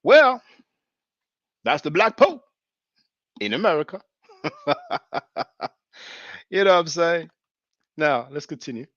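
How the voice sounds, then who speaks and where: A man's voice: fairly high pitch, big pitch swings, moderate pace, pauses often, a bit bright, no echo, lo-fi sound. A man giving chatty, mocking commentary on video clips, with many fillers.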